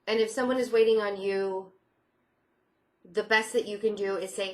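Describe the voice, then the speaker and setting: Give me a reassuring woman casually reading tarot cards at an everyday pitch. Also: fairly even intonation, moderate pace. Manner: reassuring, repeats phrases, many "I feel like" fillers. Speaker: tarot reader.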